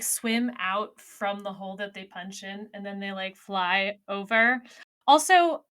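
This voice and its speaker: A woman co-hosting a podcast, chatting casually about a book and acting out characters in quick asides. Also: medium pitch, fairly bright tone. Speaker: podcast co-host.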